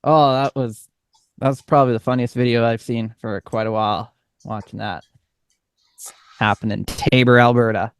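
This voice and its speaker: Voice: mid-range voice, steady tone, normal speed, long pauses, a little hiss or hum. A co-host on a casual radio chat show, reading out odd word definitions with amusement. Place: radio studio.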